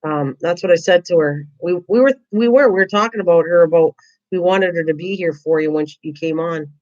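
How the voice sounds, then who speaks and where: A woman hosting a crafting livestream, chatting with her viewers in an excitable, rambling way and often repeating herself. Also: fairly low pitch, fairly quick. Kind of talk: casual chat reading viewer comments. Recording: dull lo-fi livestream audio.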